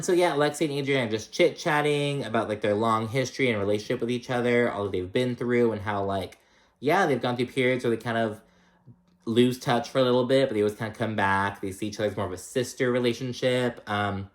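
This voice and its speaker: Chatty, gossipy young man. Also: mid-range voice. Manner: chatty, gossipy, swears a lot. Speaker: recap host. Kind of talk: casual reality TV recap.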